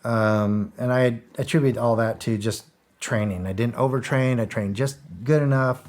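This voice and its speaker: A man's voice: medium pitch, fairly even intonation, moderate pace, darkish tone. A middle-aged man and former soldier telling stories as a guest in a casual interview, rambling, repeating himself and swearing freely. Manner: rambling, repeats words, swears freely, acts out quoted dialogue.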